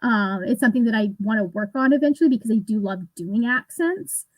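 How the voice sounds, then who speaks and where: Chatty woman with a higher voice. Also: fairly quick, no echo, poor audio. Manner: chatty, rambling, laughs often. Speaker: booktube host. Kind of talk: casual livestream chat.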